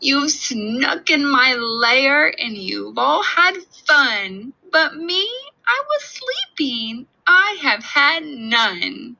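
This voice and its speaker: A big, grumpy bear, as a woman reading aloud puts him on, whines and complains in a slow, high, bright voice. The recording is a little dull, with gentle music behind. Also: sing-song, gravelly, exaggerated voice. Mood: whiny. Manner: whiny, complaining. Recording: dull audio with soft music.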